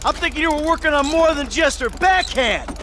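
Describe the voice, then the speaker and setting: An actor playing a hot-tempered middle-aged ex-criminal in a video game, sarcastic and explosive. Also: male voice, very high voice, animated, a little fast, full character voice. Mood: angry. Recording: game audio with loud noise.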